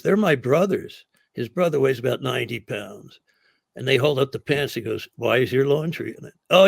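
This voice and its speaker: A man's voice: mid-range voice, creaky, no echo, clean studio sound. A man telling rowdy show-business stories in a casual chat, acting out the other people's lines. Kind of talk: casual storytelling.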